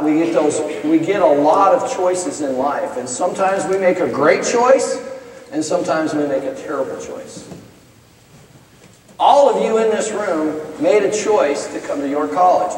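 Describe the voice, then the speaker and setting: A middle-aged man from Iowa, a business professor speaking in chapel, telling a story with urgent bursts and hushed stretches. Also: a little high, a little slow, slight background noise. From Iowa, United States. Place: large chapel hall. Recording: echoey hall, voice from far off.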